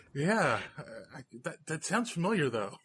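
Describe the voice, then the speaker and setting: An older man hosting a podcast, who laughs often and talks in a halting, chatty way. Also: on the high side, fairly bright tone, slightly rough. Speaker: podcast host. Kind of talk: casual chat.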